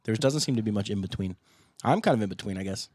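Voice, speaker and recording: A man's voice: on the low side, lively intonation, quick pace, darkish tone, dry recording. A man co-hosting a band podcast in casual chat, rambling and laughing often, with a cough drop in his mouth. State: sucking cough drops. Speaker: podcast co-host, band guitarist.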